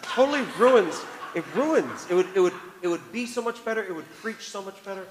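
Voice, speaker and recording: A man preaching a sermon on marriage, animated, moving between loud emphasis and hushed tones. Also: sits high, brisk, background noise. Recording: long reverb of a large hall.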